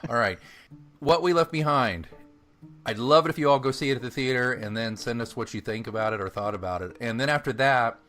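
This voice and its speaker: A man co-hosting a casual podcast, talking in excitable, rambling bursts. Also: medium pitch, brisk, faint music behind. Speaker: podcast co-host.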